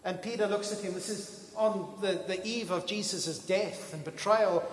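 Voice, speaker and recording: A man preaching a sermon as pastor, lively and conversational, acting out scripture scenes in casual voices. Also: high-pitched, moderate pace, a little hiss or hum. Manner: lively, acts out biblical dialogue in casual voices. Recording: long reverb of a large hall.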